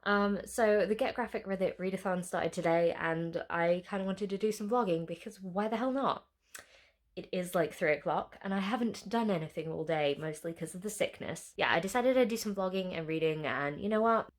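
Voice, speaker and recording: A woman's voice: fairly low pitch, brisk. A woman with a cold and a nasal voice, chatting casually in a rambling home vlog from her cozy reading nook. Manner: rambling, filler-heavy, often trailing off softly. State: sick with a cold. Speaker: book vlogger.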